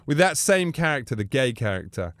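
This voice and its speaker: A man's voice: medium pitch, a little fast, no echo, clean studio sound. A middle-aged man from England, a comedian guest in a casual interview, telling anecdotes and acting out other people's voices. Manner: animated, acts out voices in his anecdotes.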